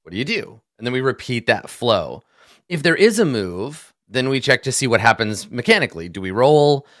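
A man's voice: mid-range voice, big pitch swings, moderate pace, a bit bright, dry recording, clean studio sound. A man in casual conversation, patiently explaining how a tabletop game works and walking through examples step by step. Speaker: experienced player explaining game rules.

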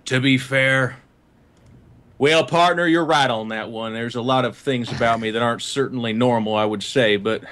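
A man voicing a big modified soldier android with a slow, deep voice that breaks into loud jumps. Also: fairly even intonation. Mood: stiff, polite.

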